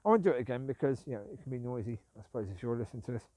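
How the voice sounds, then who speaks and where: A man's voice: medium pitch, lively intonation, very fast, mellow, dry recording. A man talking to camera in a rambling, casual vlog monologue, aggrieved and self-justifying, repeating himself, while outdoors with his dogs. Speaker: vlogger.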